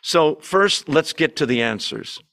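In a church meeting room, with a Zoom audience also watching, a man with a fairly high voice leads a small-group Bible study at a slightly slow pace. His teaching is lively and conversational, full of questions to the group and dry humor.

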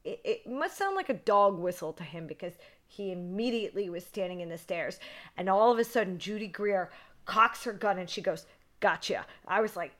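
A woman co-hosts a horror podcast and walks through a movie in loose, excitable chat. Her voice is bright and forward, and she swears freely and leans on "like" as she goes. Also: mid-range voice, fairly quick. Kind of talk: casual movie recap chat.

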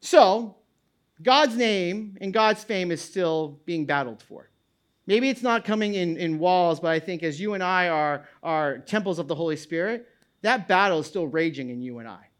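A middle-aged male pastor preaching a sermon in an animated way, repeating words and restarting, booming out when he reads scripture aloud. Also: normal speed, clear, resonant tone.

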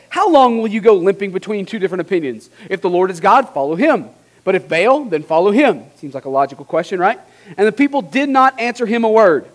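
High-voiced male preacher reading scripture. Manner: reads scripture with dramatic emphasis, rising for quoted lines; asks rhetorical questions with a tag like "right?". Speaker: pastor.

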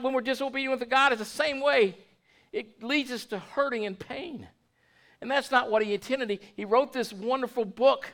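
Male pastor, high bright voice, folksy sermon delivery with lots of restarts. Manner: folksy, repeats and restarts words, asks the congregation questions.

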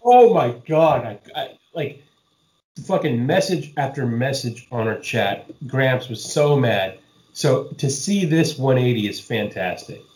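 A man co-hosting a casual podcast chat, excitable and profane, laughing often and swearing freely. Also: mid-range voice, measured pace, echoey room, rough recording. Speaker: podcast co-host.

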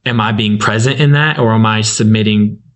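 A young man in his twenties tells a personal story to a small group. His voice sits low, and he rambles, stacking filler words as he goes. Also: normal speed, rough recording. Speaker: group member. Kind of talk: casual testimony in a group chat.

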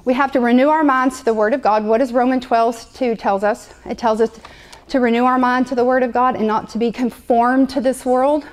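Woman preacher talking to her congregation, kinda high voice, chatty and repeats herself a lot. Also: fairly even intonation, fairly quick. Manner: conversational, repetitive, playful asides. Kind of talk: sermon. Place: room with a live congregation.

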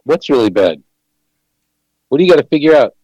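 A man cohosting a comedy podcast, loud and self-deprecating. His voice is mid-pitched and a little dark, and the sound is dry. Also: sing-song, brisk, breathy edge, dry recording, muffled recording. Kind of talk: casual comedy podcast chat.

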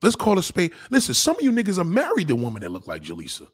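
Blunt, foul-mouthed male commentator; slightly high, husky voice. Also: huge pitch swings, quick pace, no room sound, clean studio sound. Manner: blunt, crude and heated, addressing viewers directly. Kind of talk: profane relationship rant.

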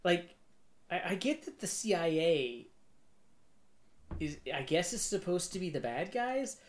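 A man's voice: high-pitched, sing-song, a little slow. Rambling man reviewing a movie. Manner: rambling, filler-heavy, mocking quotes. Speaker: podcast co-host. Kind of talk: casual movie review chat.

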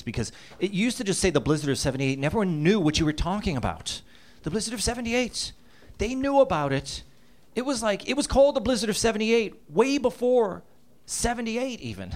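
A man in his fifties from Massachusetts telling a comic childhood story, laughing through his lines and acting out voices and sound effects. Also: fairly high pitch. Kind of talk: comedic personal storytelling.

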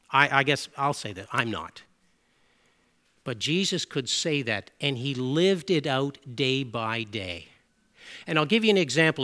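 Earnest male preacher, bright voice. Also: a little high. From Canada. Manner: earnest, conversational, with self-corrections and asides. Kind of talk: sermon.

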